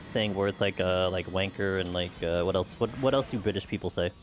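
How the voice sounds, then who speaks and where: Against a noisy background, an American man with a low voice chats casually while playing a game on stream. He talks a little fast with fairly even intonation, rambling along with plenty of "like" and "you know."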